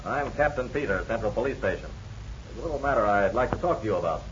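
An actor playing an eager male police captain in a 1940s radio drama, speaking briskly and respectfully. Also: lowish voice, animated, a little hiss or hum, lightly acted. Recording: dull lo-fi old radio recording.

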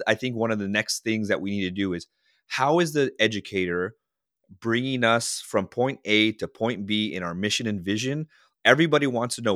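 A man's voice: fairly low pitch, dry recording, clean studio sound. A man guest on an interview podcast, talking casually and acting out voices of the people in his stories. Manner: animated storyteller acting out quoted dialogue. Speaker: podcast guest, leadership consultant.

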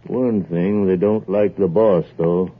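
Play a cruel country man: low, gloating, folksy, in a phone-thin 1940s radio broadcast. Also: steady tone, takes it slowly, breathy edge, heavily acted. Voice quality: folksy ungrammatical drawl. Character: mean coarse rural man, gloating and cruel. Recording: tinny old radio broadcast.

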